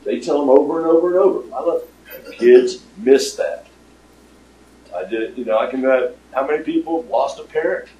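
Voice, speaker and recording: An older man giving a casual, rambling pitch to an audience, with lots of fillers. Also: moderate pace, warm tone, a little hiss or hum. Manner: rambling storyteller with many fillers. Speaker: startup presenter. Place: meeting room with audience. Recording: roomy, distant room recording.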